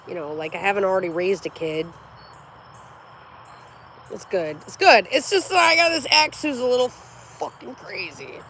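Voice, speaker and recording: A woman in her forties hosts a livestream, chatting casually in a medium-pitched voice at a brisk pace. She's blunt and profane, an animated storyteller. A little hiss or hum sits in the background.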